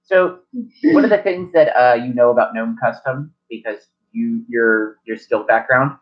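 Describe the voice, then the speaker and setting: A man's voice: mid-range voice, animated, unhurried. A man narrating as game master at a tabletop game, rambling and correcting himself as he goes, in a lo-fi recording.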